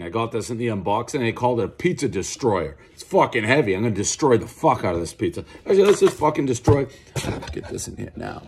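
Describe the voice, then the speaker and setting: A man's voice: mid-range voice, slight background noise. A man giving a casual, rambling and profane pizza review, telling stories as he eats. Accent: Boston. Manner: rambling, profane, animated storytelling.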